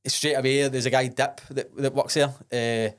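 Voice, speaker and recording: Telling a story as a podcast guest, this young adult man with a Scottish Glaswegian accent speaks at a moderate pace with a medium pitch and flat delivery. He comes across blunt and earnest, swearing freely and starting his sentences over.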